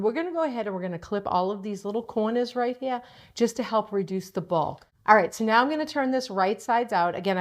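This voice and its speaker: A woman hosting a casual sewing tutorial, chatty and upbeat as she explains each step. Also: medium pitch. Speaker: quilting shop host and sewing instructor.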